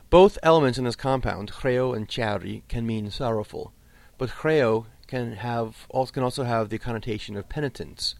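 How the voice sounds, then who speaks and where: A man teaching a lesson on Old English poetry, explaining patiently and slowing right down to recite the verse. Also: mid-range voice, creaky, dry recording. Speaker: literature teacher.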